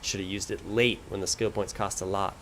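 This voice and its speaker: A man chatting casually while playing a video game, relaxed and laughing easily. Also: deep voice, fast, slight background noise. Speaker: game streamer. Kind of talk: casual let's play commentary.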